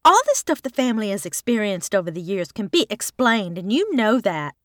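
A woman voicing a cheerful young mother who is skeptical and quickly flustered, in a bright, exclaiming way. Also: mid-range voice, expressive, dry recording, clean studio sound. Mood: defensive.

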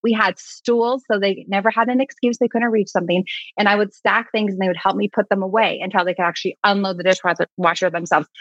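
A woman in her forties, an animated storyteller who laughs often, in casual conversation as a guest. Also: medium pitch, quick pace, no echo, highs cut off.

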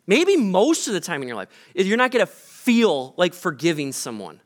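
A man's voice: high-pitched, wildly swooping pitch, moderate pace. A man, the pastor, preaching a sermon in a casual, conversational way with frequent fillers, recorded in a church.

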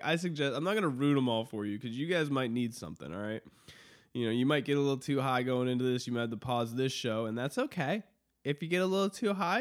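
A man hosting a podcast in casual chat, rambling, swearing freely and often laughing at his own stories. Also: medium pitch. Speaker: podcast host. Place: studio.

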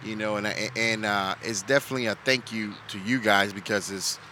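A man's voice: lowish voice, brisk, pushed and bright, slight background noise. A man, a rescue swimmer, chatting casually and joking with a group. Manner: joking, laughs easily.

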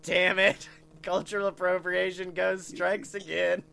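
Bright, high-voiced animated man storyteller. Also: unhurried, creaky. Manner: animated storyteller, swearing, laughing often. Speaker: podcast co-host. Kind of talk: casual podcast chat.

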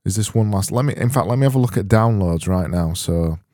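A man hosting a solo comedy podcast, rambling in a deadpan, self-deprecating way with frequent restarts. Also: on the low side, a little fast, dry recording, clean studio sound. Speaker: podcast host.

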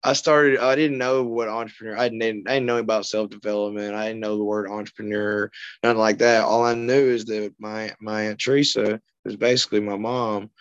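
Low, smooth man, easygoing. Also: little pitch movement, brisk, no room sound, lo-fi sound. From Arkansas, USA. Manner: easygoing, chuckles between points. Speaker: podcast guest, speaker. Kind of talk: casual storytelling chat.

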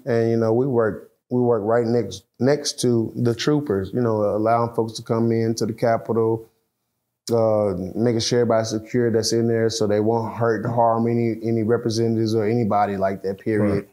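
A man telling a story in casual, profane, animated talk, acting out the voices of the people in it. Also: on the low side, normal speed. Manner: profane, animated retelling, acts out quoted voices.

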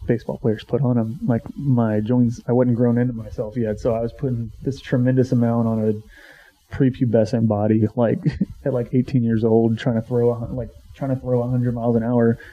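A man in his twenties, a former college pitcher, casually telling a story, swearing freely and acting out what he once said. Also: level tone, normal speed. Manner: swears freely, acts out his own past remarks. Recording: dull lo-fi sound.

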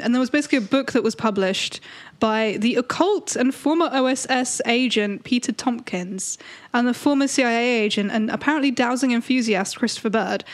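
Chatty woman with a raised voice. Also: on the high side. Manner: laughs often, chatty and animated. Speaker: podcast co-host. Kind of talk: casual chat.

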